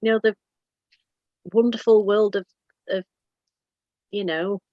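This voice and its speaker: A chatty British woman hosts a loose group conversation, full of lively asides and easy laughter. Her voice sits at an ordinary pitch. It comes through a dull, lo-fi line with a dry, close sound. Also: slow pace, no room sound. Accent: British English. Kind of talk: casual group chat.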